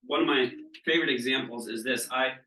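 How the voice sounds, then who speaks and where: In an echoey room, far from the microphone, a middle-aged man talks fairly quickly in a sharp, medium-pitched voice. He's leading a wellness training session as a live seminar, keeping it chatty and casual and regularly asking if his listeners are keeping up.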